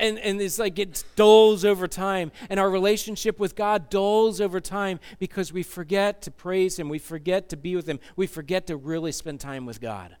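A pastor with a high-pitched, clean voice preaches to a congregation, starting off chatty and joking and then building to fervent emphasis.

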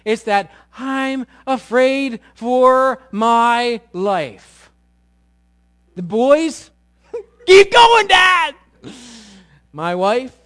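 A middle-aged man preaching a sermon as a pastor, telling a story with big loud peaks and quiet, intimate low passages.

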